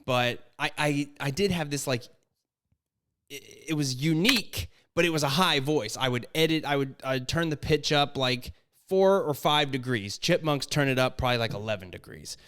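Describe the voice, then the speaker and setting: Smooth-voiced young man, podcast co-host. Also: normal speed, a bit bright. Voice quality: high tones that he can bring low. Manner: self-deprecating, rambling with restarts. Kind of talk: casual podcast chat. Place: apartment. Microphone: studio microphone with headphones.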